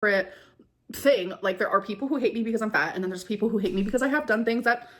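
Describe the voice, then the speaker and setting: A woman streamer talks casually, rambling from thought to thought with plenty of fillers. Her voice sits at a middle pitch. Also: fast talker. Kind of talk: casual chat.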